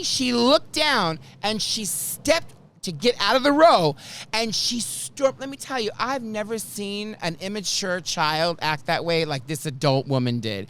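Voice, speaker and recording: A man hosts a casual podcast and tells a dramatic story. His pitch swoops widely, and he acts out the quoted lines with theatrical flair. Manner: animated, dramatic retelling with acted quotes. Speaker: podcast host.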